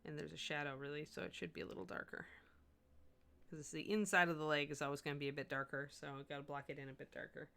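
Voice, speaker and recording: A middle-aged woman chats casually while she paints, her voice bright and forceful, sitting a little low for a woman. She talks in an animated, self-correcting way, thinking aloud as she works in her studio. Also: fast talker, gravelly, smooth. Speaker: miniature painting livestream host.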